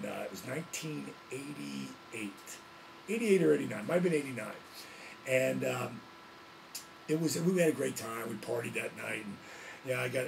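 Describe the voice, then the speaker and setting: Gravelly, animated male storyteller. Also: mid-range voice, a little hiss or hum. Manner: animated, laughing often, lots of slang. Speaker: vlog host, former wrestler. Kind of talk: casual storytelling.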